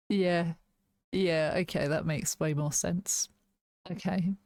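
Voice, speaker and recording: Woman, low voice, casual album review, thinks aloud, dry close sound. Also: darkish tone, no echo. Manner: thinking aloud, restarts sentences, laughs. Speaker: music reaction host.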